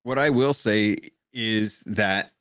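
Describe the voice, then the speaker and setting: A man co-hosting a gaming podcast, talking things through in a thoughtful, measured way with many restarts. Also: fairly low pitch, fairly bright tone, no echo, studio quality. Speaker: podcast co-host. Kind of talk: casual chat.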